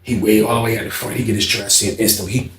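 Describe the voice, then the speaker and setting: A man telling a casual, profane jail story in an animated way, acting out what people said. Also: on the low side, racing, a little hiss or hum. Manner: animated, profane, acts out quotes loudly. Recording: echoey room.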